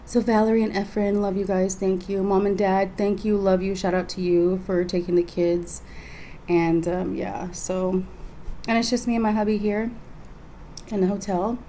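A woman's voice: medium pitch, flat delivery, normal speed, mellow, slight background noise. A woman in her thirties with a Texan accent, chatting casually in a hotel-room vlog, laughing, swearing and eating as she talks. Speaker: vlogger.

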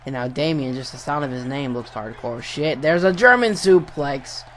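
A young man giving casual play-by-play commentary over a wrestling video game, getting excited and swearing at big moves. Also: medium pitch, moderate pace, slight background noise. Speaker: gameplay commentator.

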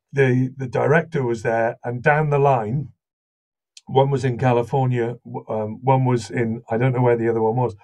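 Man, slight Welsh accent, casual guest chat, lively anecdotal storyteller, medium pitch. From Wales. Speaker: guest voice actor.

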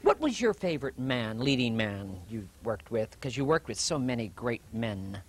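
A man's voice: medium pitch, sing-song, a little hiss or hum. A man hosting a talk show, asking eager questions and reacting often. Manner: eager, quick to react with uh-huh and laughter. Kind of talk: casual interview.

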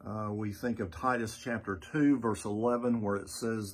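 Husky pastor explaining doctrine. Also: male voice, lowish voice, steady tone. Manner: measured, earnest teaching with frequent "uh" fillers. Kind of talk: church podcast teaching.

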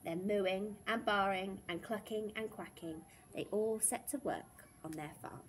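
A woman teacher reading a picture book aloud to young children in a gentle, expressive storytelling way. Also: mid-range voice, measured pace, slight background noise.

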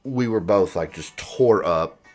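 A man's voice: lowish voice, measured pace, faint music behind. A young man from Texas co-hosting a podcast, telling stories in casual chat and acting out other people's lines. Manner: laughing storyteller, acts out quoted voices. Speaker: podcast co-host.

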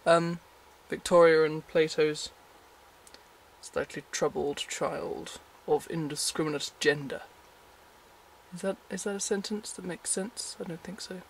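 A man's voice: on the high side, vocal fry, a little hiss or hum. A man chatting casually to camera from his bed, rambling and self-deprecating, often breaking into giggles. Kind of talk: casual vlog chat. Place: bedroom, in bed at night.

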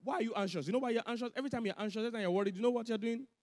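A man preaching, his voice pitched high for a man. He drives his points home through animated repetition, and his voice rings out with the long reverb of a large church hall. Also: very fast. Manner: animated, laughing, emphatic repetition. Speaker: pastor. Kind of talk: sermon.

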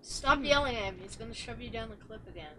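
A woman watching a friend play, teasing and giggling and telling him to calm down. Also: fairly high pitch, quick pace, noisy background. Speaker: co-host watching the game. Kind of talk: casual chat.

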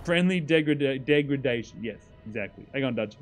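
A man's voice: medium pitch, expressive, brisk, over music. A man streaming a video game live, bantering and joking with his chat in a sarcastic, playful way and laughing often.

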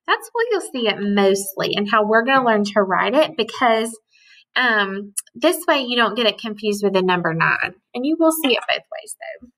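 A woman teacher giving a gentle, patient letter lesson to young children and reading a picture book aloud. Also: a little high, big pitch swings, rough recording. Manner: gentle and patient, with slow drawn-out sounds.

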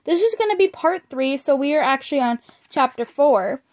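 A woman's voice: sits high, expressive, darkish tone. A woman reading a children's book aloud, who stumbles over words and apologizes as she goes. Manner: slow, stumbling, apologizes for misreadings. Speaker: storybook reader. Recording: slightly muffled lo-fi audio.

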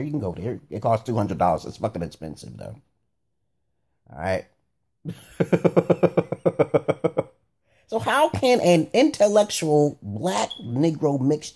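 A man's voice: medium pitch, gravelly, mellow, slightly rough. A man talking in a profane, rambling monologue, cursing heavily and breaking into laughing asides. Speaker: vlogger.

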